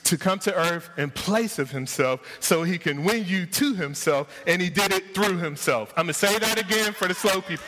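A man's voice: sits high, expressive, moderate pace, few pauses, bright, forceful tone, a little hiss or hum. A man preaching a sermon to his congregation, rousing them with repeated rhetorical questions. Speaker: pastor. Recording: long hall reverb.

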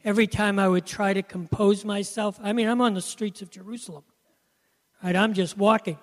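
Earnest man telling a testimony, high voice. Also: steady tone, fairly quick, long reverb tail. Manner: earnest storytelling with frequent "you know". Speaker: Christian speaker sharing testimony. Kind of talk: personal testimony talk.

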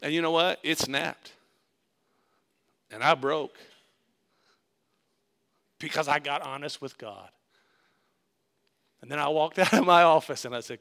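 A man's voice: on the high side, unhurried, creaky, pauses often, a bit bright. A male pastor preaching a sermon, telling a candid story with self-mocking humor.

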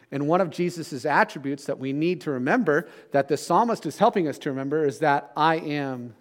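A middle-aged male pastor preaches a sermon in a slightly high voice. He talks to the congregation as if chatting, tossing in quick "right?" asides and dropping soft and low on key lines.

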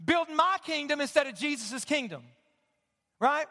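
A male preacher with a notably high, bright voice delivers an animated sermon. He calls on the congregation to repeat after him and answer back. His voice rings with a long reverb through a church sanctuary. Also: normal speed. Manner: animated, call-and-response with the congregation. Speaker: pastor.

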